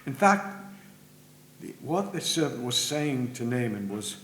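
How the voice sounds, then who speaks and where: Man preaching, earnest, mid-pitched voice, roomy church sound, faint hum behind. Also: big pitch swings, measured pace, a bit bright. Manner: earnest, rises in pitch and volume for emphasis, drops low at ends of phrases. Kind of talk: sermon. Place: church sanctuary.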